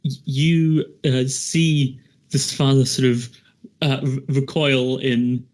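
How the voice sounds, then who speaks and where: A man's voice: mid-range voice, flat delivery, slow pace, darkish tone. A young man narrating a tabletop horror game as game master, hesitant and full of restarts. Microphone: podcast mic.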